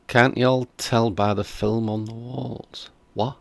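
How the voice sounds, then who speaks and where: A man's voice: medium pitch, fairly even intonation, slow pace, creaky, no echo. A man hosting a reaction stream, chatting casually and skeptically while reading out viewer comments. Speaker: reaction video host.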